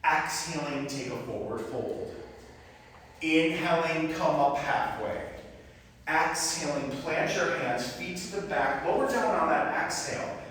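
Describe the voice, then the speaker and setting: Male yoga instructor, higher voice, recorded from a distance in a reverberant studio with faint background noise. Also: expressive, unhurried, a bit bright. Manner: cueing poses in rhythm with the breath. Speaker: yoga teacher. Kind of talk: live yoga class instruction. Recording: echoey studio with long reverb, mic far off.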